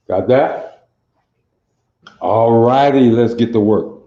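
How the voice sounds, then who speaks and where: Slow and pausing often, this man speaks at medium pitch with a Detroit accent while teaching at a board. He repeats phrases and checks that students are following, recorded on a sometimes-distant camera mic in a dull, echoey room.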